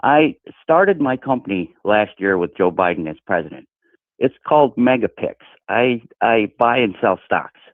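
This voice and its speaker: A man's voice: on the low side, lively intonation, moderate pace, no echo. A male caller chatting casually on a phone-in show, joking and stammering a little. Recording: dry thin phone line.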